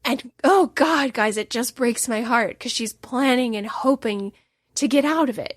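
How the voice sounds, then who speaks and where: A woman's voice: medium pitch, no room sound. Emphatic woman podcaster, dry sound. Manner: emotional, emphatic storytelling with sudden loud bursts. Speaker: podcast host. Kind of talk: solo podcast book review.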